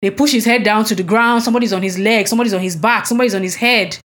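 A woman with a medium-pitched, slightly bright voice races through her words with fairly even intonation. On a casual podcast she co-hosts, she recounts events in an emphatic, indignant way and asks pointed rhetorical questions.

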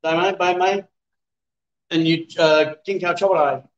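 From a city bar, this fifty-something host runs a jokey, chatty livestream, laughing and reading viewer comments. His voice is a little high, steady and a little slow, with dull, echoey audio and a bit of hiss or hum.

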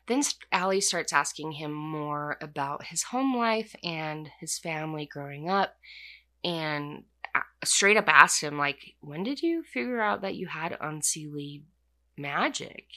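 A woman's voice: low voice, lively intonation, measured pace, pushed and bright. A young woman casually retelling a fantasy novel's plot, chatty and full of fillers. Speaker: book reviewer. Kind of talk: casual book recap.

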